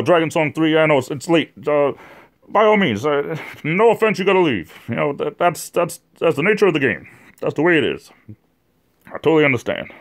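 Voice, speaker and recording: Rambling man chatting on a livestream. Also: medium pitch. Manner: rambling, chatty, talks to viewers in the chat by name; frequent fillers and repeated words. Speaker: livestream host. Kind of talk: casual livestream chat.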